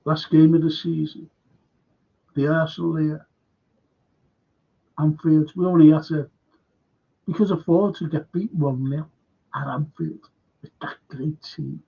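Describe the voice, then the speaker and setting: A man's voice: fairly high pitch, steady tone, unhurried, gravelly, pauses often, breathy edge. An older man hosts a live fan stream, reading viewers' comments aloud and answering them chattily. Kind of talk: casual live-chat reading. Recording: dull lo-fi stream audio.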